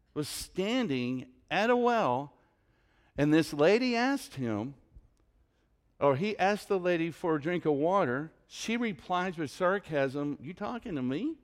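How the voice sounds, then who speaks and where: A pastor preaching a sermon, telling a story in an animated, conversational way. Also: male voice, high voice.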